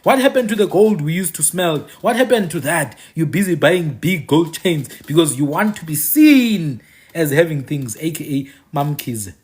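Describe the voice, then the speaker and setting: A man delivers an impassioned, rhetorical monologue. His voice sits slightly high and swings widely in pitch. He hammers points home by repeating phrases and slips in dry, mocking asides. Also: lively intonation, normal speed. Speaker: commentator.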